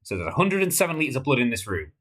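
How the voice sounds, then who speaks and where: An extremely low, sing-song voice delivers very fast, casual commentary during a woman's game development livestream. She swears, laughs helplessly and talks herself through problems.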